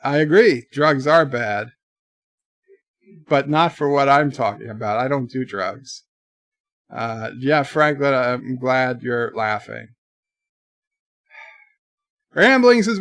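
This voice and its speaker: A man's voice: medium pitch, animated, slow pace, pauses often, fairly bright tone, no room sound, studio quality. A man hosting a casual livestream, rambling and joking while reading chat messages aloud. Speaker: livestream host.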